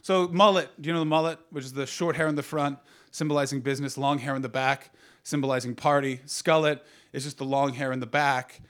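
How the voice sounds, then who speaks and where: Animated Canadian man doing stand-up. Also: fairly quick. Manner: animated storytelling, swings from loud outbursts to low asides. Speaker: stand-up comedian. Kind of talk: stand-up comedy with crowd work.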